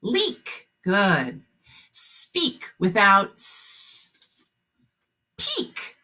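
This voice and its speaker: A kindergarten teacher leading a phonics lesson over a video call, her pace slow and patient as she draws out each sound. Her voice is bright with a husky edge, and it swoops lively up and down as she cheers the children on. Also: medium pitch. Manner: slow, encouraging, stretches out word sounds.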